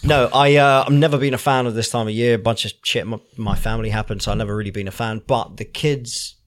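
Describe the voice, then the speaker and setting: A man's voice: medium pitch, steady tone, fast talker. A man from northern Italy, a working dad and podcast co-host, chatting casually and swearing freely. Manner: laid-back, swears freely. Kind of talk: casual chat.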